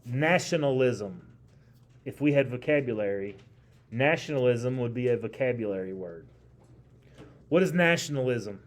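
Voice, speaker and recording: A man's voice: mid-range voice, animated, moderate pace. A man teaching a history class in a classroom. He lectures in a conversational, emphatic way and keeps putting questions to his students.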